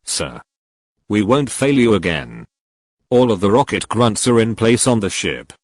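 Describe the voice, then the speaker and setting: Man reading a nervous young villainess, anxious pleading, low, dry. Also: sing-song, measured pace, darkish tone, no room sound, full character voice.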